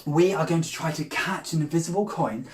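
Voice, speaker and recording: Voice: medium pitch, a little fast, recorded from a distance. A children's magician, talking straight to the boys and girls at home with big gasps and cries of surprise. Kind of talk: lively kids' magic show patter. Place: room at home during lockdown. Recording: echoey room, off-mic, faint noise.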